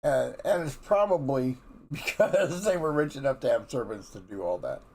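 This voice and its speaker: A man teaches a relaxed morning Bible devotion in an everyday mid-pitched voice. His delivery is folksy and candid, loosely conversational rather than preachy. He often doubles back and restarts his sentences as he works out his thoughts. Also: normal speed, slightly rough.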